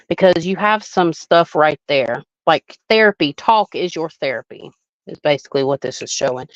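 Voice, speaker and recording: A woman's voice: fairly low pitch, no room sound, muffled recording. Chatty, playful woman astrologer. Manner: chatty, laughing, loose and playful. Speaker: astrologer hosting a live reading. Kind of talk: casual live chart reading.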